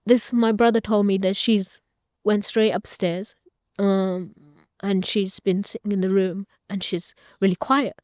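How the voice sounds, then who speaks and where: A woman's voice: mid-range voice, little pitch movement, a little slow, darkish tone, no echo, studio quality. A young woman, a guest in an interview, earnestly recounting a personal story and retelling family conversations at length.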